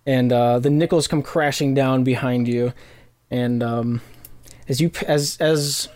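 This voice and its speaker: A game master narrating a tabletop role-playing scene, halting and full of fillers. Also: medium pitch, steady tone, darkish tone.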